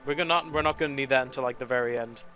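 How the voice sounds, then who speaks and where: A man's voice: medium pitch, very fast, bright, forceful tone, muffled recording. A man doing playful, amused commentary while playing a video game. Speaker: let's play host. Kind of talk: casual gameplay commentary. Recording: voice over game music.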